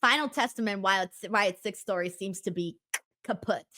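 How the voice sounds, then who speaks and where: A woman's voice: mid-range voice, normal speed, bright, forceful tone. A woman hosting a casual wrestling review show, reading viewer messages and laughing often. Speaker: host.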